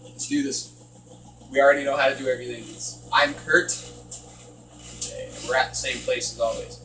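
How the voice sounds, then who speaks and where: A man's voice: mid-range voice, little pitch movement, normal speed, sharp tone, distant mic, slight background noise. Jumpy joking man in an echoey room. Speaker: gaming channel host. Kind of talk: horror game commentary. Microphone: distant from the mic.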